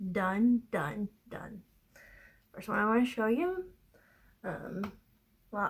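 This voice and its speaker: A woman's voice: medium pitch, a little hiss or hum, rough recording. A woman from Kentucky chatting casually on her knitting show, rambling with fillers and laughing as she talks. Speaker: knitting podcaster. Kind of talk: casual chat.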